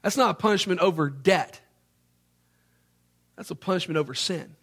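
A man, from Memphis, Tennessee, preaching a sermon as an animated storyteller who acts out the scenes. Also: high voice, moderate pace, slightly rough.

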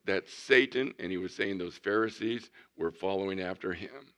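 A man in his sixties preaching a folksy sermon, swinging from loud bursts to hushed tones. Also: sits low, normal speed, few pauses, lo-fi sound. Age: 60s. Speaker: pastor.

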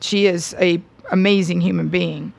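A middle-aged woman comedian telling an animated story in an interview. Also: lowish voice, normal speed, gravelly, no room sound. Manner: animated, tells anecdotes with acted quotes. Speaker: stand-up comedian and radio host.

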